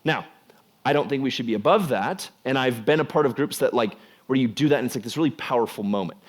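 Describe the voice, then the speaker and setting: A young man preaching to a youth group in a loose, chatty way, scattering "like" through his sentences. His voice sits at an ordinary middle pitch for a man. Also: fast talker. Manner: conversational, filler-heavy with frequent "like". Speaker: youth pastor. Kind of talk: casual youth sermon.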